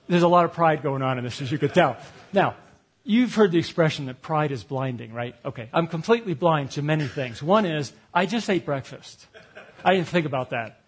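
A man giving a sermon, telling a story about himself with animated delivery, acting out quoted lines and laughing at his own mistakes. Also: a little high, brisk, slightly rough. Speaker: speaker at a retreat.

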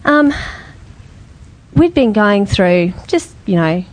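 A woman telling a personal story to a small group in a casual, lively way, laughing often and acting out the voices of the people she quotes. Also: medium pitch, takes it slowly, rough recording. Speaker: group member sharing a testimony.

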